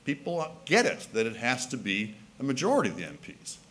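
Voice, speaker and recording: His medium-pitched voice is sing-song and fairly bright, moving a little fast. The Canadian keynote speaker addresses a conference hall in a wry, conversational style, restarting frequently.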